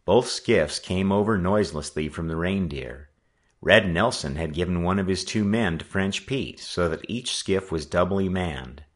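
A man narrating an adventure story as an audiobook reader, with an animated reading manner. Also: sits low, measured pace.

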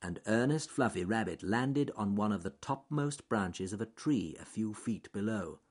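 Male storyteller for a kids' tale, low-set, husky, very lively pitch. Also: normal speed. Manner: lively, expressive narration with asides. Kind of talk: children's story reading.

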